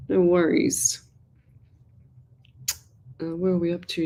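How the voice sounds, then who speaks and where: A woman's voice: lowish voice, flat delivery, takes it slowly, pauses often, mellow. A woman hosts a live psychic medium show from her home. She rambles in a chatty, informal way, full of fillers and little asides.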